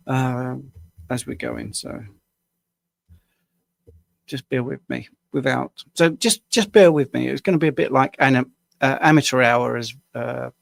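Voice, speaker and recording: Gravelly, tired man on a dry home mic. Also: medium pitch, no echo. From United Kingdom. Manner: casual, rambling, self-deprecating with small laughs. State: tired after a long day at the screen. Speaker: health coach answering viewer questions. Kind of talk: live Q&A stream.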